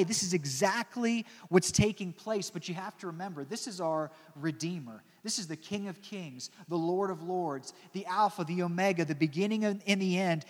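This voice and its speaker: A man preaching a sermon, telling the story dramatically, dropping into soft, slow passages and adding joking asides. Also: high voice. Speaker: pastor. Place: church. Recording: long church reverb.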